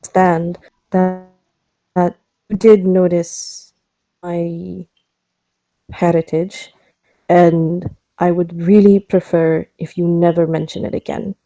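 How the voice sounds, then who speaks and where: A woman voicing a tense, secretive woman with stone eyes, speaking slowly in a mixed put-on foreign accent. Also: lowish voice, little pitch movement, warm tone, soft background music. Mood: guarded.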